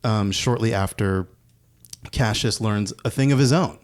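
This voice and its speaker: A man's voice: fairly low pitch, a little slow. A man co-hosting a podcast, chatting casually about films and acting out their lines in raised voices. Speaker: podcast co-host. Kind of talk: casual film discussion.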